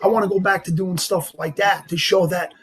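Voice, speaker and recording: Guest, male, heavy New York accent, raised husky voice, animated and rambling, casual interview. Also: high-pitched, brisk, soft background music. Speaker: actor guest.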